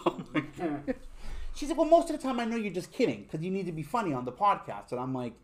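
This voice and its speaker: A young man hosting a podcast speaks briskly in a high, darkish voice with big pitch swings. He tells crude, profane stories in casual chat, leaning heavily on fillers.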